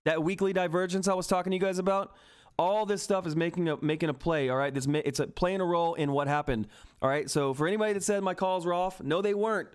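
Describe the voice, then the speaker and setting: A man runs a live stock market stream, talking to his chat in a slightly higher voice. He sounds hyped and emphatic and keeps repeating his points for emphasis. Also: quick pace, smooth. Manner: hyped, repetitive, emphatic, swears mildly. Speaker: stock market livestream host. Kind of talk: excited live market commentary to chat viewers. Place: at home.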